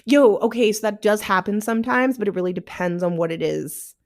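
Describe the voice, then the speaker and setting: Animated, foul-mouthed woman chatting. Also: medium pitch, brisk. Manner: animated, swears freely, acts out quotes. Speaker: paranormal investigator guest. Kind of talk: casual podcast chat.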